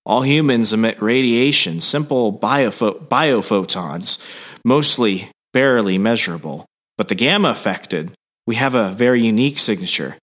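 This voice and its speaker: A man putting on a low, quiet voice for a calm, eerie male scientist. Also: moderate pace.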